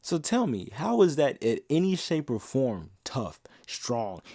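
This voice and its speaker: A man's voice: mid-range voice, wildly swooping pitch, a little slow, warm tone, dry recording, studio quality. A young man talking casually and passionately as a podcast host, blunt and profane, sometimes half-singing lyrics. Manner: half-sings song lyrics he quotes. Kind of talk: casual monologue.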